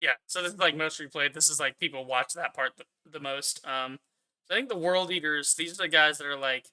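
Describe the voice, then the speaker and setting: A man's voice: a little high, brisk, bright, forceful tone. A man streaming a game and chatting casually, laid-back, laughing and swearing as he reacts. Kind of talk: casual gaming reaction chat.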